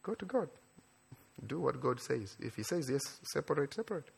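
A man from Africa preaching a sermon in a church, animated, building to excited near-shouts and then dropping low and quiet. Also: normal speed, vocal fry, husky. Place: church in Australia.

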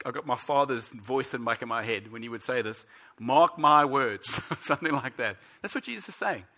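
A man preaching a sermon as pastor, earnest and emphatic, slowing down to stress the scripture he quotes. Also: medium pitch, bright, forceful tone.

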